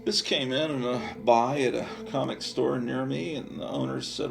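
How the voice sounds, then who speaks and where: Speaking at a normal speed with a steady tone, a creaky, medium-pitched voice, and few pauses, a man presents his comic book collection on his channel. Soft music plays in the background as he talks casually and digressively, with many fillers.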